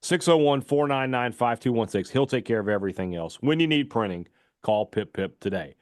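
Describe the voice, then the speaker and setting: A man's voice: medium pitch, expressive, fairly quick, a little mellow, dry recording, clean studio sound. A man hosting a sports talk radio show, reading sponsor ads in a loose, chatty way full of fillers. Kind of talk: casual radio talk with live ad reads.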